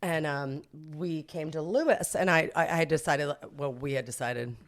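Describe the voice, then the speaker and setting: Laughing often and acting out other people's voices, a middle-aged woman who owns a boutique shares a self-deprecating, lively anecdote as a podcast guest. Her voice is low and her pace moderate.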